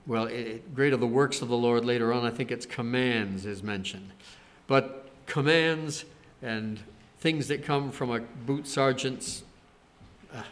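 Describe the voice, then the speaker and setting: A man giving a conversational sermon, retelling scripture stories with animated quoted lines. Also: mid-range voice. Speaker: preacher.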